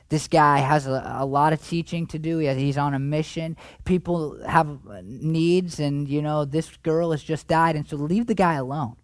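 A man preaching a sermon as pastor, in a conversational way that swings between animated emphasis and hushed, tender passages. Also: a little high, moderate pace, hardly any pauses, no room sound.

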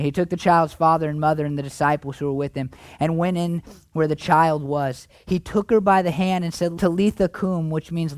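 A man preaching a sermon as pastor, in a conversational way that swings between animated emphasis and hushed, tender passages. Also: a little high, no echo.

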